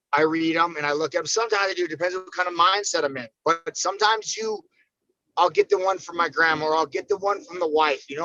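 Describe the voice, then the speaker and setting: High-voiced, fired-up profane American man. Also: pushed and bright, no echo, dull audio. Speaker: podcast guest, fighter. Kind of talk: casual podcast chat.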